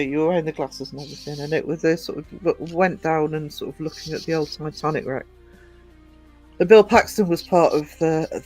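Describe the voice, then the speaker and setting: A man chatting casually in a fairly high voice, wandering from one anecdote to the next. He fills his talk with ums and restarts, and faint music plays underneath. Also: a little mellow, low-quality recording. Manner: rambling anecdotes, frequent fillers and restarts. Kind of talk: casual chat.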